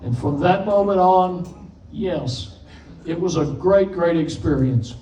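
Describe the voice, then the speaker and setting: A man's voice: sits high, slow. Folksy guy in his 80s spinning stories, echoey hall, a bit far from the mic. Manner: folksy, plain-spoken, relaxed storyteller. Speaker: session musician guest. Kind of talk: stage panel storytelling. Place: event stage before an audience. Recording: distant echoey hall mic with faint noise.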